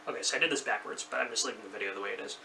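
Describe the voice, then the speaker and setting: A man in his thirties tells a personal story to camera from his bedroom, wandering off track and backing up to fix details. His voice is very bright and sharp. He sits a little back from the mic, with a faint hiss of noise underneath. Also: fairly low pitch, racing, creaky. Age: 30s. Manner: rambling, loses track and corrects himself. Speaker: vlogger. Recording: slightly distant mic, faint background noise.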